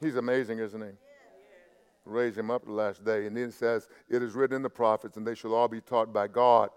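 A man preaching a sermon to a church and online audience. He talks conversationally, stammers and repeats himself, and swings from loud emphasis to quiet asides. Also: on the low side, flat delivery, a little fast, smooth. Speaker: pastor. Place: church sanctuary. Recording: long hall reverb.

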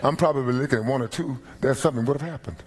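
A middle-aged man preaching a sermon as pastor, animated and emphatic, with rising peaks. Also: mid-range voice, very fast.

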